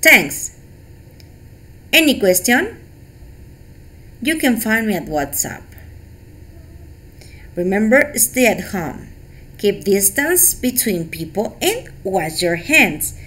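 Female English teacher, slow patient delivery, animated. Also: medium pitch. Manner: slow, encouraging, repeats words for pupils. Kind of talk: online class instruction.

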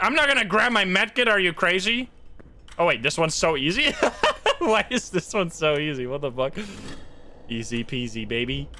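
A male streamer gives live gameplay commentary in a voice that sits a little high for a man. He talks excitably, swears freely and chants to himself under pressure. His tone is bright and forceful. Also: a little hiss or hum.

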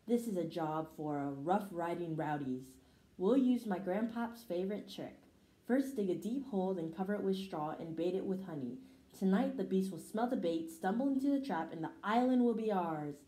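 A woman's voice: lowish voice, expressive, moderate pace, warm tone, lightly acted. A woman reading a storybook aloud, voicing a boastful, bossy male mouse leader who blusters and gives orders, in an echoey room. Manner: blustering, commanding. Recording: roomy echo.

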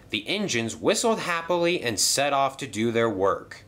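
Male narrator, toy train story, lively, animated pitch. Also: moderate pace, few pauses.

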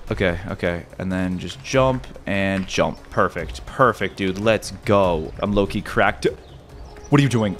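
A young man commentating his own platformer run, excitable, repeating himself and yelping and gasping at near misses. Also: deep voice, unhurried, faint music behind. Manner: excitable, repeats phrases, yelps and gasps. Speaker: gaming YouTuber. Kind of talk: let's-play commentary.

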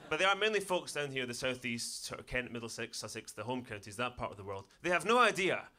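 A man's voice: mid-range voice, very animated, fast, sharp tone. A Scottish man with a Glaswegian accent doing a profane stand-up set with dry punchlines in a comedy club. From Scotland. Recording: noisy live comedy club. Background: audience laughter.

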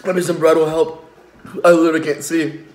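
A man's voice: fairly high pitch, flat delivery, fairly quick, a little mellow. A young man vlogging while in burning pain from eating a spicy chip, groaning and repeating exclamations in a strained, trembling voice. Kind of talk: casual vlog commentary.

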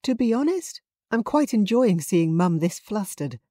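A woman's voice: mid-range voice, sing-song, a little slow, mellow, no echo, studio quality, voice pushed up. A woman narrator voicing a wry, lightly amused young woman in an audiobook. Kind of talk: audiobook character voice.

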